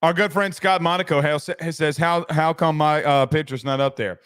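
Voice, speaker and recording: A man's voice: fairly high pitch, steady tone, normal speed, a bit bright, clear, resonant tone. A man hosting a sports podcast, chatting loosely and reading viewer comments, with frequent restarts and casual swearing.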